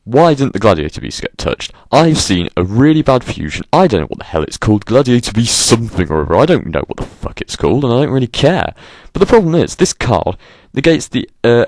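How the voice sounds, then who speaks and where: Brief: a low-voiced man ranting sarcastically into a dry, close mic. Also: sing-song, a little fast, a little mellow, no echo. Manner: exasperated, sarcastic, swears freely. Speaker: vlogger. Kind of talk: ranting monologue.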